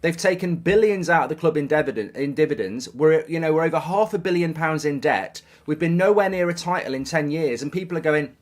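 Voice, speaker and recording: A man's voice: fairly high pitch, a little fast, few pauses. A man ranting in an opinion monologue, exasperated and sarcastic, repeating words as he gets worked up. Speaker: football fan commentator.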